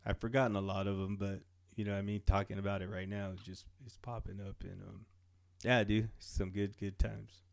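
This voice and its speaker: Chill young guy, kinda low voice, bro this bro that. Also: level tone, brisk, creaky, darkish tone. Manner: laid-back, calls people bro. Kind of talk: casual chat.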